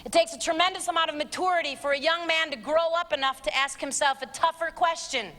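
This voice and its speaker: A woman's voice: quick pace, pushed and bright. Blunt middle-aged woman speaker in a big hall. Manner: blunt, sarcastic, swings to high exclaiming. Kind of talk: live talk to teens and parents. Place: church auditorium. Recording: long reverb of a large hall.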